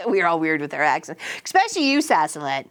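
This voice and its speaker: A woman's voice: lowish voice, big pitch swings, moderate pace, a bit bright. A woman in casual chat with her viewers, telling stories, laughing often and teasing people by name. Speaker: streamer chatting with viewers.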